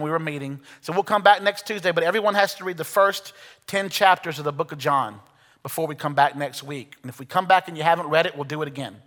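A man's voice: on the high side, pushed and bright. Preacher man in a reverberant hall. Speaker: pastor. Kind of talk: sermon.

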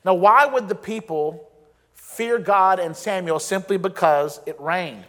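A man preaching a sermon as pastor, earnest and emphatic, slowing down to stress key phrases. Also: high-pitched, fairly bright tone. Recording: long reverb of a large hall.

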